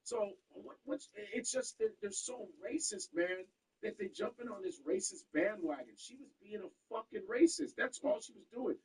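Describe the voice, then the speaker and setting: A man on a casual podcast chat, animated and profane as he rants. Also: high-pitched, normal speed, gravelly, breathy edge, rough recording.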